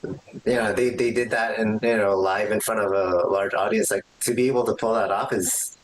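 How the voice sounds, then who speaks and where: A man's voice: lowish voice, fairly even intonation, moderate pace, low-quality recording. A man co-hosting a podcast, chatting in an easygoing way with hesitant restarts. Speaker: podcast co-host. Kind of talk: casual wrestling discussion.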